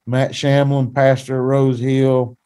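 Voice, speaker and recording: A man's voice: mid-range voice, little pitch movement, slow, warm tone, smooth. A man who is a pastor, telling a personal testimony in a plain-spoken, folksy, earnest way.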